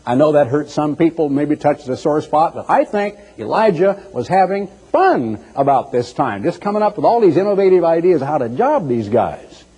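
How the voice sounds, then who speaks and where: A man preaching a sermon in an animated, teasing way, acting out mocking voices as he goes. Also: a little high, moderate pace, hardly any pauses, husky. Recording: echoey hall with long reverb.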